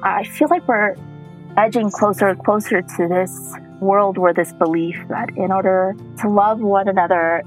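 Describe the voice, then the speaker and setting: A woman's voice: medium pitch, poor audio. A middle-aged woman telling a personal story as a guest, reflective and at times choked up.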